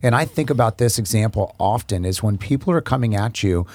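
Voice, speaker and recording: A man's voice: fairly low pitch, lively intonation, fairly quick, a little mellow, no room sound. A man in a casual Bible discussion who reads a passage aloud and reflects on it in an encouraging way. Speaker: co-host of a devotional talk.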